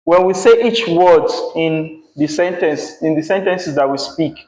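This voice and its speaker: A man with a Nigerian English accent teaching a class, slow and patient, repeating key words. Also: fairly high pitch, a little mellow. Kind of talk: classroom lesson. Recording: echoey classroom.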